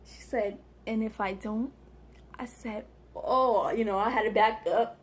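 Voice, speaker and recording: Young woman on camera, kinda high voice, slangy, acts out all the quotes. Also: steady tone, measured pace, slight background noise. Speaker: vlogger. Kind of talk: casual storytelling.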